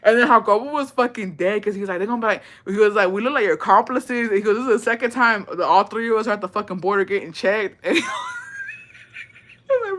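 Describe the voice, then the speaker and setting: A young woman telling a story casually to her viewers, swearing freely, dropping in Spanish words and laughing as she goes. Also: medium pitch. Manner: profane, slangy, mixes in Spanish words; animated retelling, laughs often. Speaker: vlogger.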